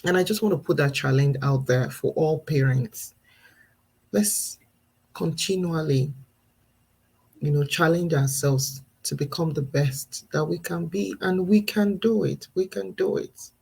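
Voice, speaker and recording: Husky, gravelly mother talking live. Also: sits low, measured pace, a little mellow, poor audio. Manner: earnest and reflective, laughs between points. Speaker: parenting vlogger. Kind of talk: casual live-stream talk.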